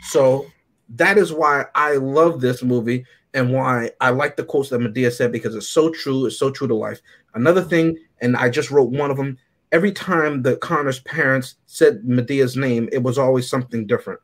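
A podcast co-host reviewing a movie chats casually, his medium-pitched male voice moving at a moderate pace. He tells stories with animation and laughs often.

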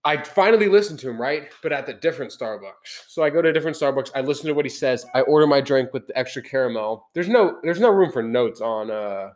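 A man's voice: mid-range voice, lively intonation, fast, few pauses, darkish tone. A young man hosting a podcast, telling a heated story in casual chat. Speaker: podcast host. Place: podcast room.

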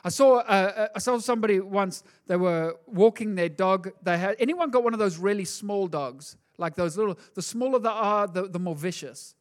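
A male pastor preaching a sermon in an animated, conversational way, acting out the voices he quotes. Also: sits high, moderate pace, hardly any pauses.

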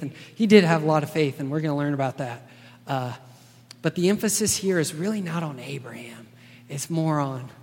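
Higher-voiced preacher in a reverberant hall. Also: male voice, darkish tone. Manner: casual and earnest, often asks "right?". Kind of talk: conversational sermon. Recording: long reverb of a large hall.

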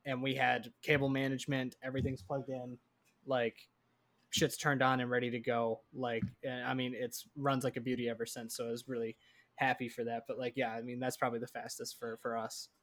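A man's voice: mid-range voice, level tone, fairly quick, a bit bright. Young man, mid-range voice, loose filler-heavy storytelling. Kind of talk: casual chat.

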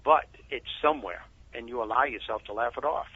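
A man, a guest author, telling animated stories in a casual interview over a muffled phone line. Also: medium pitch, fairly quick, husky. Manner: animated storyteller.

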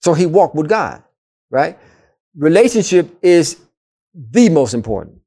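A man co-hosting a faith talk, retelling Bible stories in a lively, colloquial, preacher-like way and repeating his points. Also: a little high, measured pace. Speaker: co-host and Bible teacher. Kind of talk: animated faith discussion with storytelling.

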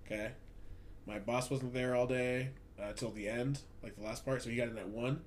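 A man's voice: mid-range voice, moderate pace, slight background noise. A man on a podcast telling work stories in a casual, profane, ranting way. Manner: profane, ranting, animated storytelling. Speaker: podcast host. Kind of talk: casual chat. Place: Hollywood.

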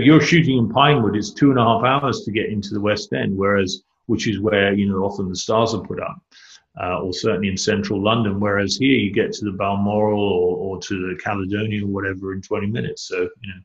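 A man's voice: lowish voice, fairly even intonation, a little fast, highs cut off. A middle-aged man chatting as a guest in a casual conversation, enthusiastic and rambling, with many restarts. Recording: echoey room.

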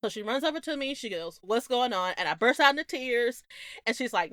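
A young woman co-hosts a podcast in easygoing, animated chat. Her voice is bright, smooth and lively in pitch, and it sounds dry and close. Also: a little fast, no echo. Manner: animated storytelling with laughs. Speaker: podcast co-host. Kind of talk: casual chat.

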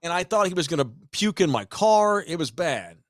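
A man hosting a podcast, telling a story in a profane, animated way and acting out every line of dialogue. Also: fairly high pitch, normal speed, no room sound, studio quality. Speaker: podcast host. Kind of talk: storytelling chat.

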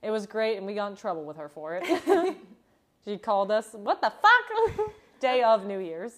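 A woman's voice: mid-range voice, lively intonation, moderate pace, darkish tone. Woman in her twenties, giggly, playful, jokey podcast co-host, casual chat. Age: 20s.

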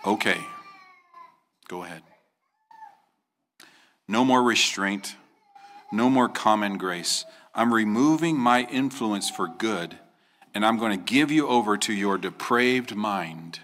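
A man's voice: lowish voice, measured pace, pauses often, fairly bright tone, slight background noise. A man preaching an earnest sermon as a pastor, rising to emphatic questions and acting out quoted voices as he tells the story.

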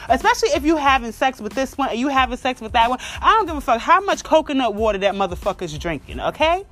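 A woman's voice: high voice, a bit bright. A woman hosting a podcast, ranting bluntly and mockingly in casual chat, full of profanity. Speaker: podcast host. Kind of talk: casual opinion rant.

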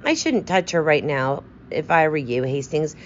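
A woman voicing a fussy, precise male detective with a brisk, self-assured way of talking. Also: deep voice, very animated, highs cut off, slight background noise.

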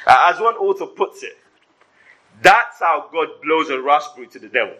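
Man preaching, high bright husky voice, animated sermon with wry jokes. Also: normal speed, low-quality recording. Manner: animated preaching with humorous asides. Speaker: pastor. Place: church service before a congregation.

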